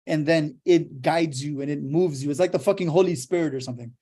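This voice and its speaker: A young adult man from Houston, Texas, a lawyer, gives a casual motivational talk in a fairly high, mellow, slightly rough voice, speaking a little fast. He swears freely and tells his story with fired-up, emphatic drive.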